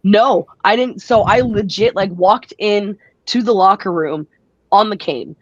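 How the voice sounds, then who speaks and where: Interviewed as a guest about her wrestling career, a woman tells stories casually, laughing often and acting out quotes. Her mid-range voice is a little slow, and the recording is dry and muffled.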